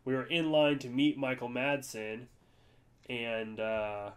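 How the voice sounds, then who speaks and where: A man from the United States, co-hosting a podcast, telling stories in a loose, rambling way. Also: slow pace. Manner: rambling storyteller, jumps to high-pitched voices for quoted people. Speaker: podcast co-host. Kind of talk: casual chat.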